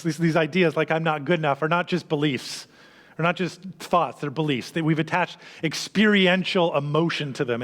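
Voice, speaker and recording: A man preaching a sermon as a church pastor, earnest, dropping to hushed tones and then rising to emphatic peaks. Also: fairly high pitch.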